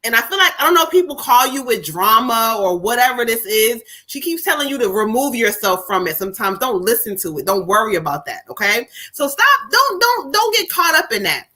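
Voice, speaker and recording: Bright, animated woman medium. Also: on the high side, a little fast, hardly any pauses. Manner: animated, earthy, swears freely, relays spirit messages in quotes. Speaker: psychic medium doing live readings. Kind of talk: casual live-stream reading.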